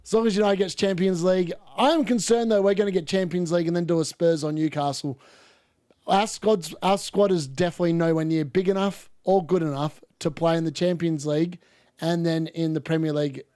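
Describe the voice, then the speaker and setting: A man hosting a live football watchalong, commenting on play and ranting opinions, getting excitable and yelling at chances. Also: fairly high pitch, brisk, no room sound, studio quality. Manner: excitable, yells at chances on screen. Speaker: host of a fantasy football watchalong.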